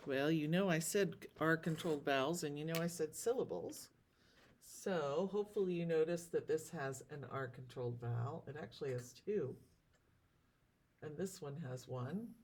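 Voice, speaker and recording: A woman teacher giving a recorded lesson, sounding out words slowly and carefully. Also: deep voice, darkish tone. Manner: slow, drawn-out word sounding.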